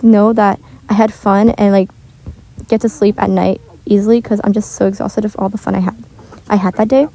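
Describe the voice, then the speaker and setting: Recorded on wireless earbuds in a shared bedroom, the audio is poor. The teen gaming vlogger has a medium-pitched, warm voice and chats casually as she plays, rambling with plenty of filler words.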